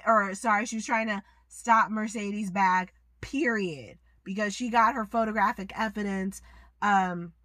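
A woman hosts a casual podcast recap, blunt, opinionated and unafraid to curse. Her voice sits a little high and comes across bright and forceful. It is recorded close and dry, with no room sound. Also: no room sound. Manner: blunt, profane and opinionated, with frequent fillers. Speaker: podcast host reviewing a TV episode.

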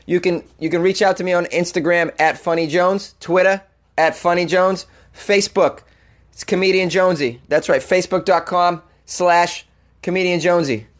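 A young man hosts a comedy podcast in a casual, playful way, swearing and poking fun at himself. He speaks with a Boston accent and a fairly high voice. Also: steady tone, normal speed. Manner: playful, swearing, self-mocking. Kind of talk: casual announcement.

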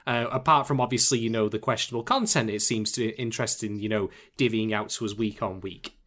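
A man co-hosting a podcast, rambling and self-mocking, a bit tipsy and animated. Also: fairly low pitch, brisk. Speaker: podcast co-host. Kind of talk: casual podcast chat.

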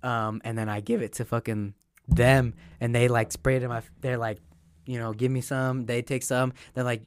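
Young man, mid-pitched, dry close mic; animated, profane storyteller who acts out every quote. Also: normal speed, clean tone, dry recording. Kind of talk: casual chat.

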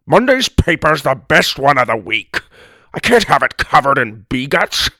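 A man voicing a gruff, deadpan grandfather in a children's audiobook, grumbling with dry sarcasm. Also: mid-range voice, normal speed, dry recording, pitched above the performer's own voice, heavily acted. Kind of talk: audiobook character reading.

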